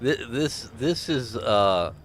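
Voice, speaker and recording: A man's voice: mid-range voice, animated, slow pace, a little hiss or hum. A man hosting a casual livestream, rambling between scripture and videos and reading out viewer names with chuckles. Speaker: livestream host.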